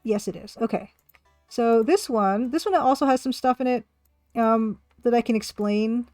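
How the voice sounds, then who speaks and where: A woman from Canada chats casually on her live art stream. Her voice is a little high, and she sounds chatty and self-deprecating as she answers her viewers. The sound is dry and close, with faint music underneath. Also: normal speed, a little mellow, no room sound. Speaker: live-streaming game artist and developer.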